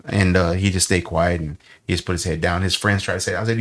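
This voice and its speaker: A man's voice: low-pitched, fast. A man in his forties telling heated, profane stories in a casual podcast chat. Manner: heated, profane, animated retelling. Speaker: podcast co-host.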